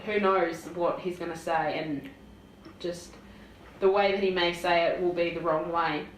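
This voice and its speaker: A woman's voice: fairly low pitch, steady tone, unhurried, reverberant, slight background noise, poor audio. A woman co-hosting a casual podcast chat, giggly and hesitant. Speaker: podcast co-host.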